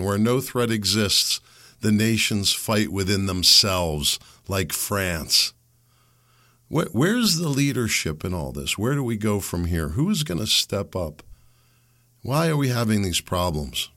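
Brief: male podcast host, low-ish voice with a bright edge, punchy rhetorical commentary. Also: sing-song, takes it slowly. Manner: emphatic, rhetorical questions. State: a little out of it after the steam room. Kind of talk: commentary monologue.

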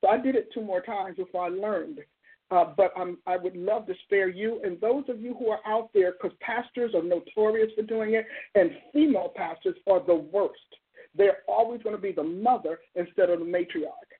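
Woman pastor in her sixties, husky, emphatic preacher's cadence, tinny phone-like line. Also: medium pitch, normal speed. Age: 60s. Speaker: pastor and call-in show host. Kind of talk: live call-in counsel and prayer.

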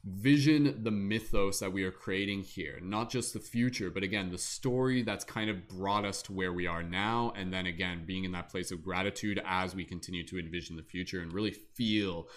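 A man hosting a livestream, leading a slow, gentle guided meditation. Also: deep voice. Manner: slow, soothing, gentle guiding. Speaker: meditation leader and show host.

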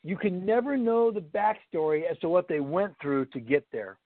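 High-voiced man teaching Bible, phone-like sound. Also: expressive, moderate pace, no echo. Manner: emphatic, blunt and preachy. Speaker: Bible instructor. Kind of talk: Bible study lecture. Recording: tinny phone-like, dry sound.

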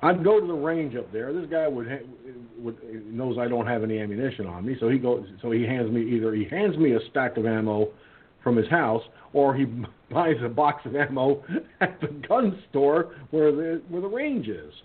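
A husky-voiced man hosts a casual call-in radio chat, rambling through a story with plenty of fillers and restarts. He acts out his friends' lines as he goes. His voice comes through a tinny, phone-like line. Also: medium pitch, lively intonation, moderate pace. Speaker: radio show host.

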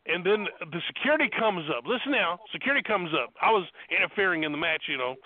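A man with a Southern accent, a wrestling manager telling boastful stories in an animated way, full of restarts. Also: sits high, fast talker, no echo. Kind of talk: storytelling on a podcast. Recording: tinny phone line.

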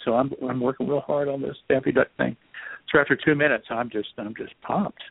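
A man, an author guest in an interview, telling a story in an animated, self-deprecating way over a phone line. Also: medium pitch, a little fast, gravelly, slightly rough, no echo. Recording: tinny dry phone line.

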